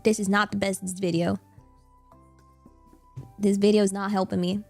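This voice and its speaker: A woman's voice: mid-range voice, little pitch movement, normal speed, creaky, soft background music, lightly acted. A woman streamer putting on a Southern US accent as a playful, self-conscious persona, chatting casually and trying out phrases aloud. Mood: chatty. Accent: put-on Southern US. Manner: giggly, practicing phrases aloud. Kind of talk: casual livestream chat.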